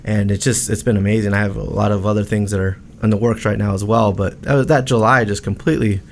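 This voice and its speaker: Fast-talking earnest man in his forties. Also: fairly low pitch, steady tone, slight background noise. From Arizona. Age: 40s. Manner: earnest and heartfelt, quick with many restarts. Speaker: podcast guest, luxury realtor. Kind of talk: casual interview talk.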